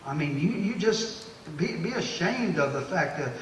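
A man, a pastor preaching a sermon to his church group, exhorting and repeating phrases as he builds to loud, emphatic bursts. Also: fairly high pitch, expressive, unhurried, slight background noise. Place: church hall. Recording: echoey hall, distant mic.

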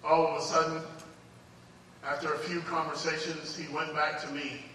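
Male preacher, sermon storyteller; bright, fairly high voice, heard from far off in a booming, echoey church hall. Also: flat delivery, moderate pace, a little hiss or hum. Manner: emphatic storytelling, moving between loud peaks and hushed passages. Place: church sanctuary.

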